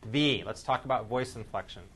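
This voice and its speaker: Energetic male sales trainer quizzing a room. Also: mid-range voice, brisk, a little hiss or hum. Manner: energetic, quizzes the audience, shifts speed and loudness for emphasis. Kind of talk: live sales training seminar. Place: training room with a live audience.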